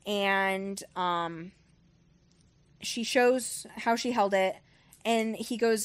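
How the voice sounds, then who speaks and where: A woman's voice: mid-range voice, drawn-out words, pauses often, smooth. A woman hosting a book club podcast, recapping a story in a rambling casual way, full of ums and likes and the odd casual swear.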